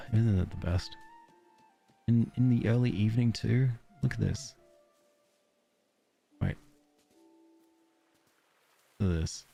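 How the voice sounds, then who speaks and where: A man's voice: on the low side, gravelly, warm tone. A man with an Australian accent streaming a game, chatting casually with viewers in a joking, self-deprecating way and laughing often.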